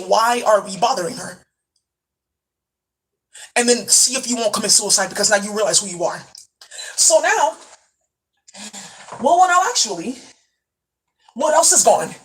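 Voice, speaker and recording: A woman's voice: fairly high pitch, animated, normal speed, long pauses, a bit bright, poor audio. A woman vlogging a rambling, conspiratorial monologue, cursing freely and filling her talk with "like" while holding up beauty products. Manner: profane, rambling, full of "like" fillers; conspiratorial, jumps between topics while showing products.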